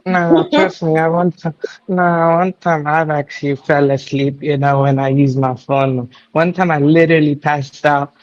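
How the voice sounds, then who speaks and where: A man's voice: on the high side, steady tone, moderate pace. A man with an accent blending UK and American speech, chatting apologetically over a phone call. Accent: mix of UK and American. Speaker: caller on phone. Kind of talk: casual chat. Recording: dull, dry phone-call audio.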